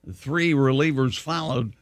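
A man on a radio show reading sports and news items, brisk and joking between scores. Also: medium pitch, no echo, studio quality.

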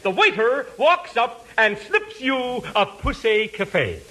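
A man's voice: extremely high pitch, sing-song, a little slow, pushed and bright, exaggerated voice, poor audio. An actor playing a pompous, bald male etiquette professor in 1940s radio comedy, fussy and full of self-important chuckles. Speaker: charm school teacher. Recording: hissy old radio recording.

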